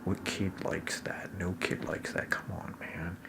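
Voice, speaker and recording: A man's voice: deep voice, little pitch movement, a little slow, gravelly. A man giving a wry, self-critical commentary, often dropping to a whisper. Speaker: commentator on his own scene.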